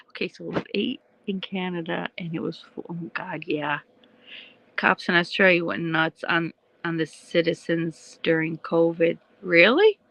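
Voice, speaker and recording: A woman's voice: on the low side, fairly bright tone, dry recording, low-quality recording. A woman hosting a casual livestream, rambling chattily at night from home and answering viewers' comments. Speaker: livestream host.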